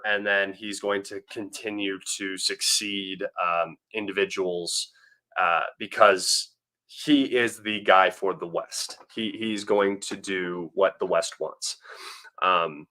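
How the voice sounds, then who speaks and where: A man's voice: lowish voice, steady tone, a little slow, bright, forceful tone. Rambling American man on a livestream. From United States. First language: English. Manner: rambling, many fillers and restarts. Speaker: livestream host. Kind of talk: casual livestream commentary.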